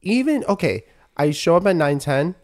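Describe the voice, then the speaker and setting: A young man from New York co-hosting a podcast, ranting in a casual, animated way and laughing often. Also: on the high side, moderate pace. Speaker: podcast co-host. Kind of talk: casual chat.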